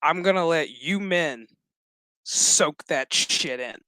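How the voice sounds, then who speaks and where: Male streamer, sassy and profane, smooth voice, unhurried delivery, dry close sound. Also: fairly high pitch, sharp tone, no echo. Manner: sassy, profane, exaggerated retelling. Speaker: streamer reviewing a show. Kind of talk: casual crude reaction commentary.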